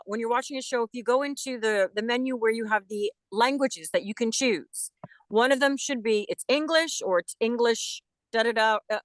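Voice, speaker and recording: A middle-aged actress, a guest on a video call interview, explaining her work in a casual, lively storytelling way. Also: a little high, dry recording.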